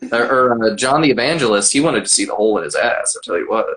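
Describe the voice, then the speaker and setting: A woman's voice: very deep voice, animated, fast talker, a bit bright. A woman co-hosting a casual livestream chat, wisecracking with crude jokes. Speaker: co-host.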